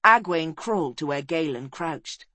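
A woman narrating a fantasy adventure book, reading expressively and dropping low and soft in the sad passages. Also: animated, a little slow, no echo. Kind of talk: dramatic storybook narration.

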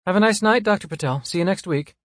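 A man voicing a young female hospital director in a bright, lilting manner. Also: high voice, fast, no echo, studio quality, voice pushed up. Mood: warm. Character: young woman hospital director, friendly, eager.

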